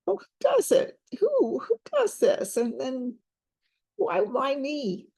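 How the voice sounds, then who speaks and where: A woman voicing a distraught young woman, pleading with high, rising questions. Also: huge pitch swings, slow pace, vocal fry, mellow, breathy edge, heavily acted.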